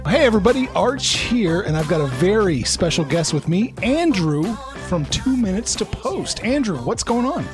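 A man's voice: sits high, big pitch swings, unhurried, few pauses, over music. A man hosting a casual podcast interview, asking questions in a joking, upbeat way. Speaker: podcast host.

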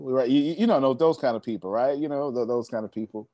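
A young adult motivational speaker leading a members' meeting tells stories in a preachy, emphatic way, addressing his listeners directly. His mid-range, dark-toned voice moves fast with few pauses, captured in a dry, clean studio recording.

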